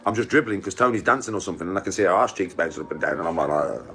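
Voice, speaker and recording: Brash bloke, middle-aged, lowish voice, crude rambling boasts, laughs a lot. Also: male voice, lively intonation, very fast, fairly bright tone. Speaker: YouTuber on a live stream. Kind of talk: boastful casual chat with friends.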